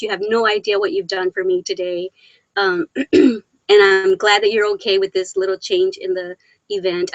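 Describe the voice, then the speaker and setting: A woman's voice: medium pitch, fairly bright tone, no echo, poor audio. A woman hosting a casual live Q&A stream. She reads viewer comments aloud, laughs often and talks with affection, though she is worn down emotionally. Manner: affectionate and chatty. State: emotionally worn after a hard weekend.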